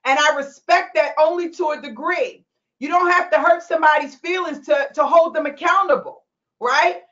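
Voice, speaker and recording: Passionate high-voiced woman coach. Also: moderate pace, fairly bright tone, dull audio. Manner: passionate, preachy, laughs and tears up. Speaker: recruitment business coach. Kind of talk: emotional motivational call replay.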